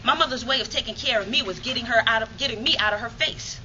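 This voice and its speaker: Woman from New York, bright and fairly high, emphatic spoken-word monologue; dull, lightly noisy recording. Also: fast talker. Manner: rhythmic, emphatic, streetwise storytelling.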